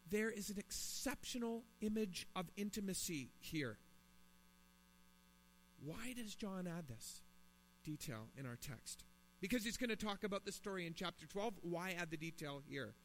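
Male preacher, 30s-40s, slightly high voice, earnest sermon, long hall reverb with faint hum. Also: expressive, measured pace. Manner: earnest, rising to emphatic pleas.

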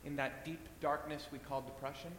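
A man's voice: fairly even intonation, fairly quick, a bit bright. A man preaching a sermon in a church, earnest and repeating phrases for weight. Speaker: pastor. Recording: echoey church hall, faint rumble.

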